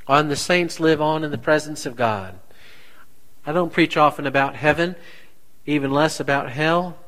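A man preaching a sermon as pastor, slow and deliberate, asking the congregation rhetorical questions. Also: a little high, fairly bright tone, poor audio.

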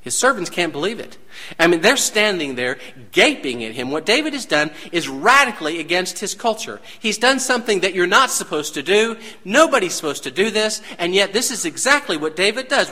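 A man's voice: high voice, bright, forceful tone, long reverb tail. A man preaching a sermon, dramatic and full of rhetorical questions to his congregation. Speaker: pastor.

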